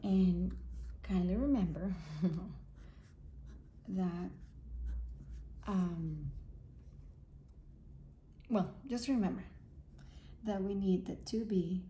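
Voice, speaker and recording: Woman teacher, very dark mellow tone, patient grammar lesson, checks in often, self-filmed. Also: fairly low pitch, slow, pauses often, slight background noise. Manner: patient, repeats key points, checks in with "okay?" and "right?". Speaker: English teacher. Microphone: self-filmed camera.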